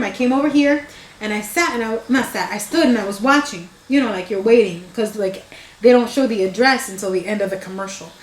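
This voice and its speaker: A woman's voice: on the high side, echoey room. A woman casually telling a family story, meandering and restarting her sentences, with an amused tone. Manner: meandering, self-interrupting, amused.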